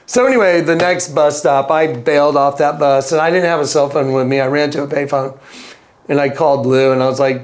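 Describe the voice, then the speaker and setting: A man being interviewed, telling a story in an animated way, acting out the voices and laughing as he goes. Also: brisk. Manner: acts out quotes with big pitch jumps and laughter. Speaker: interview guest.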